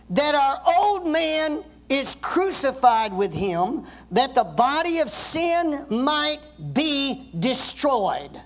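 A pastor preaching a sermon with emphasis, reading scripture and having the congregation repeat phrases after him. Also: male voice, extremely high pitch, a bit bright. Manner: reads scripture aloud and explains it.

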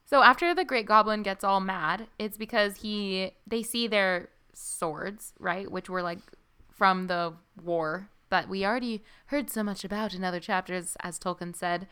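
A woman's voice: mid-range voice, measured pace, clear, resonant tone. A woman co-hosting a podcast, chatting casually about a book and giggling often. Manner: giggly, animated. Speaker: podcast co-host. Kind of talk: casual book-club chat.

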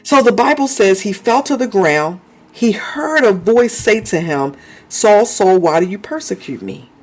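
A man's voice: high-pitched, lively intonation, unhurried, faint music behind. A man preaching a sermon in a fervent way, often stopping to praise, speak in tongues and laugh.

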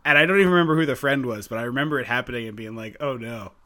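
A man co-hosting a podcast in casual chat, chatty and quick to laugh as he retells things. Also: mid-range voice, lively intonation, bright, forceful tone. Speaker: podcast co-host.

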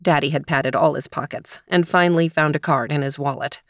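A woman host narrating a children's story in a gentle, expressive voice. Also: deep voice, fairly quick, few pauses, dry recording, studio quality.

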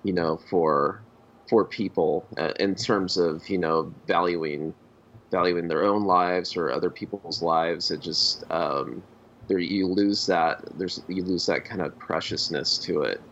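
A man co-hosting a podcast, talking about films in a halting, hesitant way. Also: sits low, a bit bright, slight background noise. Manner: halting, full of fillers and restarts. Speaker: podcast co-host. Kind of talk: casual film discussion. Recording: dull lo-fi podcast audio.

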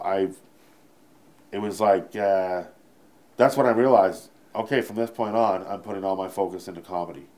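Rambling, profane low-voiced comedian. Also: male voice, a little mellow. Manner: rambling, profane, often corrects himself mid-sentence. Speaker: stand-up comedian. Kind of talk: casual storytelling in an interview.

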